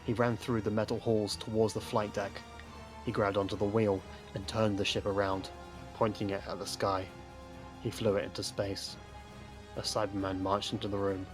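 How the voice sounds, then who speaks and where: A man with a lowish voice reads a story aloud. His delivery is steady and even. Faint music sits behind him. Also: moderate pace. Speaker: narrator. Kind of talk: scripted narration.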